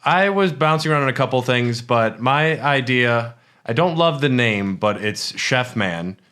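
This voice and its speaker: A man's voice: medium pitch, expressive, unhurried, pushed and bright, smooth. A man co-hosting a podcast in casual banter, playful and steering the conversation. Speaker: podcast co-host.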